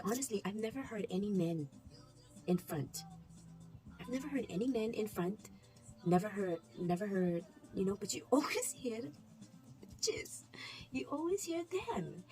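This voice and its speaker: A woman telling the camera about her shift at a shop, laughing often, repeating herself and acting out what customers said. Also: fairly low pitch. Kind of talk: casual storytelling to camera.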